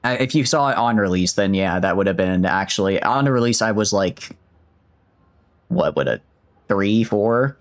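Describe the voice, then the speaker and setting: Brief: young male streamer, lively pitch, rambling and self-deprecating. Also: normal speed. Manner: rambling, self-mocking, chatting with viewers. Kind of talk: casual gaming stream chat.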